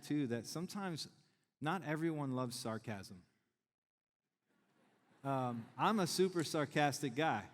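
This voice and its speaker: A middle-aged man, preaching a sermon in a conversational, joking way to his congregation. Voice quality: deep voice. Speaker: pastor. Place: large church sanctuary. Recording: long church hall reverb.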